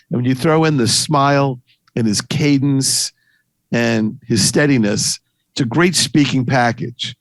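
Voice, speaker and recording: Man, interviewer, eager, stumbling restarts, mid pitch, dry close sound. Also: no echo. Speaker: interviewer, attorney. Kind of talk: interview questions.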